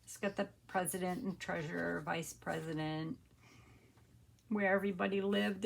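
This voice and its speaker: A woman in her sixties hosting a casual craft unboxing, soft-spoken and often hushed, with gasps of delight. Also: lowish voice, steady tone, moderate pace, gravelly. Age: 60s. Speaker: crafter and channel host.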